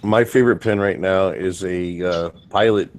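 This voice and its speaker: Low-voiced man with relaxed, teasing banter, recorded in a noisy room. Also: normal speed. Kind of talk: casual chat.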